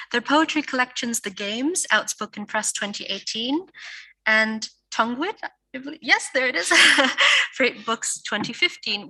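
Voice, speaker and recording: A woman's voice: a little high, bright, forceful tone, no echo, rough recording. A woman hosting a live poetry event, introducing the next poet by reading out a bio with light laughter. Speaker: event host introducing poets.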